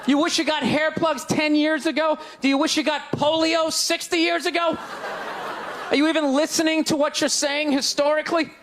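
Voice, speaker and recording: A man doing a stand-up routine, ranting with incredulous questions and shouting his punchlines. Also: extremely high pitch, flat delivery, normal speed, background noise. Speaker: stand-up comedian. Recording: live club with crowd laughter.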